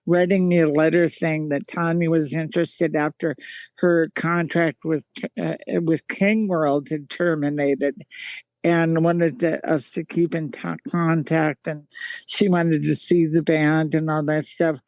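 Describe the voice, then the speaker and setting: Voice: mid-range voice, little pitch movement, unhurried, a little mellow, dry recording. A guest in a casual interview telling rambling anecdotes, with many restarts and laughs. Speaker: guest, magazine founder and band singer.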